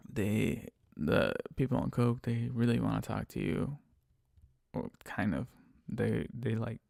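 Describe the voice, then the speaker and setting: A man's voice: fairly low pitch, gravelly, dark tone, no echo, clean studio sound. A young man, a rideshare driver, telling stories in a blunt, profane, ranting podcast monologue.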